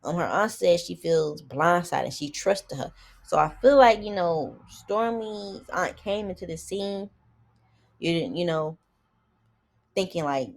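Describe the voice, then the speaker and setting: A woman's voice: low-pitched, animated, normal speed, creaky. A young woman recapping a reality show in blunt, profane, opinionated casual commentary.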